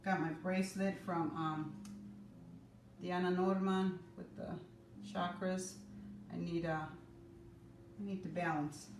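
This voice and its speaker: A woman's voice: lowish voice, steady tone, slow, pauses often. A middle-aged woman hosting a casual live cooking class from her home kitchen, chatting with viewers by name and teasing herself. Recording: echoey room, mic at a distance, noisy.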